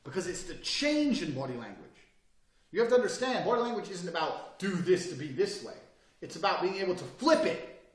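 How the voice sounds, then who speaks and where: A man's voice: high-pitched, very animated, a little fast, roomy sound. A man giving a blunt, profane motivational lecture with an emphatic, swaggering delivery. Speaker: course instructor.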